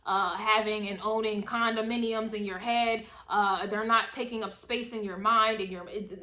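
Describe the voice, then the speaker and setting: A woman tarot reader gives a casual spoken reading, emphatic and full of slang. She keeps repeating a refrain, swinging between loud bursts and low asides.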